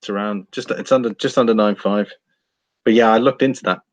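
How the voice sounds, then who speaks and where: A man's voice: on the low side, steady tone, brisk, no room sound. Chatty man hosting a livestream. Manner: chatty, thinks aloud, reads out figures. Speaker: livestream host reading viewer chat. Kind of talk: casual live commentary.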